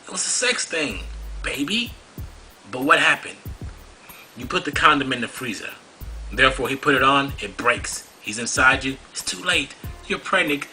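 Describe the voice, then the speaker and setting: A man's voice: mid-range voice, very animated, normal speed, sharp tone, soft background music, rough recording. A man hosting a talk show, delivering a preachy, scolding monologue full of rhetorical questions. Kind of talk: monologue commentary.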